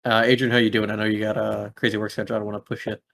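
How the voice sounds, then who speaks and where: Young man, game master, low pitch, gravelly fry, rambling narration. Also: level tone, very fast, a bit bright. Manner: rambling, many fillers, laughs at own slips.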